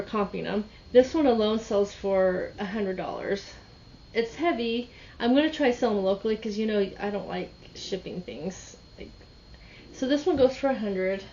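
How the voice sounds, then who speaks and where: A woman's voice: medium pitch, a little mellow, muffled recording. A woman reseller talking casually about her yard sale finds, rambling and restarting her sentences as she tells a story. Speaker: reseller vlogger. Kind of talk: casual chat.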